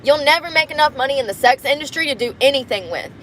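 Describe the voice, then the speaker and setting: A woman's voice: sits high, lively intonation, fast talker, a bit bright, a little hiss or hum. A woman chatting casually on a phone livestream, blunt and profane as she vents to her viewers.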